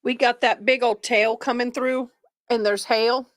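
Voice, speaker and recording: A woman's voice: on the high side, fairly even intonation, measured pace, no room sound, clean studio sound. A tired woman hosting a livestream, chatting casually and rambling with her viewers. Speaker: livestream host. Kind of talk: casual chat with live viewers.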